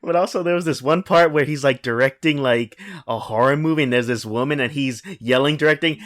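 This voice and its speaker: An American man co-hosting a podcast, telling stories with animated mock exasperation. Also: mid-range voice, a little fast, hardly any pauses. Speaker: podcast co-host. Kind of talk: casual chat.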